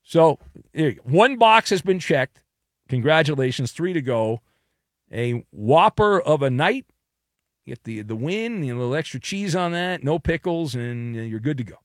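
A man's voice: a little high, animated, normal speed, no echo, clean studio sound. A man hosting a sports talk show, delivering a punchy, jokey commentary monologue full of colorful metaphors.

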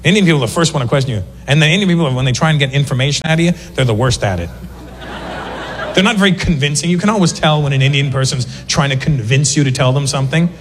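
A man doing a stand-up routine, animated, slipping into voices of the people he mimics, recorded live in a club. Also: a little high, fast talker, in a large hall, slight background noise. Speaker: stand-up comedian. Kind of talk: stand-up routine before a laughing crowd.

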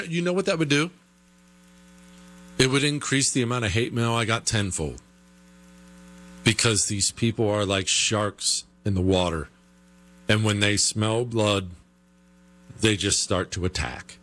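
A man's voice: a little slow, long pauses, a bit bright. A man hosting a talk radio show, delivering an opinionated, sarcastic monologue. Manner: sarcastic, mocking with high put-on whiny voices.

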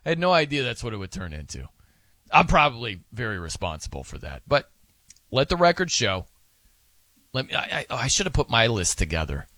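A man's voice: medium pitch, very animated, brisk, pushed and bright, no room sound. A man hosting a sports radio show, chatting casually in a rambling, self-amused way. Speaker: fill-in radio host. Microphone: studio microphone.

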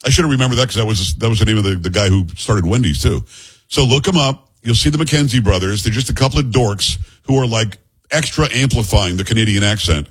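Male podcast host, middle-aged, husky voice, loose and jokey delivery. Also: on the low side, fast talker. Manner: rambling, joking asides, teasing his co-host. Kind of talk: casual talk-show chat.

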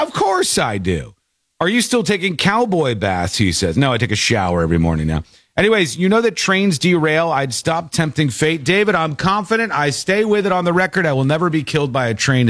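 Animated male radio host. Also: medium pitch, no room sound, studio quality. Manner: animated, joking. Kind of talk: casual talk radio, reading listener emails. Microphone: studio microphone.

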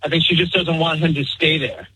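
A man's voice: on the high side, a little fast, sharp tone, poor audio. Hesitant male radio caller. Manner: thoughtful, hesitant with fillers. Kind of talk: call-in radio talk.

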